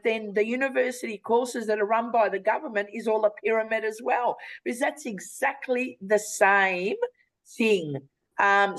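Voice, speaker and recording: An Australian woman hosting a live video call webinar, making a chatty, persuasive sales pitch with many fillers. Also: low-quality recording. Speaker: webinar host.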